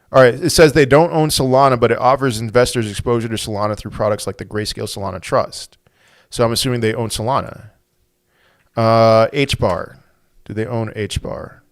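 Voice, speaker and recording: A man with a smooth, clear mid-range voice chatting casually on a livestream from a home desk mic. He thinks out loud in loose, rambling runs. The sound is close and dry. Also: medium pitch, dry recording. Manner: thinks aloud, rambling with restarts. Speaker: crypto livestream host. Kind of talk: casual livestream chat, reading viewer comments.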